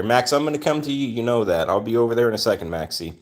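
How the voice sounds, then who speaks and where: A man's voice: medium pitch, animated, fast. Man, live stream host: chatty, easygoing, greets viewers by name, lots of ums. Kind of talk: casual live stream chat.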